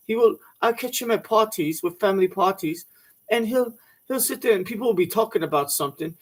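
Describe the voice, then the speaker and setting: Swearing man, mocking rant. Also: high-pitched. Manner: mocking, swearing, imitates voices. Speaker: commentator reacting to a talk show clip. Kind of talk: profane comedic rant.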